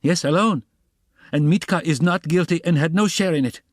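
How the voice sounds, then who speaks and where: A man reading the part of a nervous young workman in an audiobook, answering in hurried blurts. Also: fairly high pitch, no echo, clean studio sound, pitched above the performer's own voice, lightly acted.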